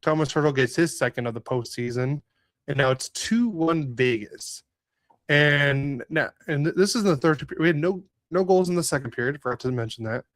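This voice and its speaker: A man's voice: fairly high pitch, lively intonation, moderate pace, a bit bright, dry recording. A man co-hosting a casual sports podcast, recapping a hockey game with a rambling, rueful manner, lots of fillers and restarts. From Southern California. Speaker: podcast co-host.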